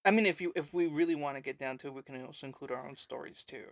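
A man's voice: medium pitch, very fast, no echo, clean studio sound. A man co-hosting a casual podcast, rambling with lots of ums and you-knows. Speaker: podcast co-host. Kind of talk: casual chat.

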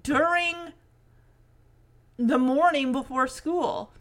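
A woman's voice: sits high, very slow, fairly bright tone, a little hiss or hum. A woman casually recapping a TV episode in a chatty way, with sarcastic asides.

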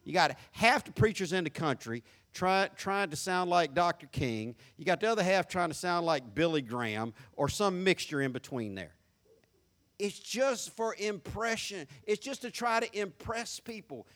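With a Southern country drawl, a male preacher gives a folksy sermon full of mockery, moving from quiet asides to loud hooping. His voice sits high and has a sing-song quality, at a normal speed.

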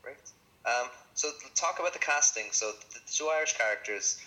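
A man's voice: medium pitch, expressive, brisk, bright, forceful tone, rough recording. A man co-hosting a film podcast in casual chat, prompting the others with questions. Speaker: podcast co-host.

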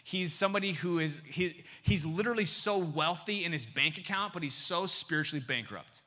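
A man preaching a sermon as pastor, joking with the congregation and dropping to a hush for emphasis. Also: fairly high pitch, a little fast. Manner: lively and humorous, swinging between loud and hushed.

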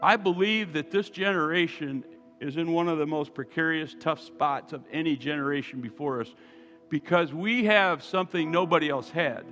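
A man preaching a sermon as pastor, moving from quiet asides to loud, emphatic calls to his congregation. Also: a little high, moderate pace, big-room sound, faint music behind. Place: church sanctuary.

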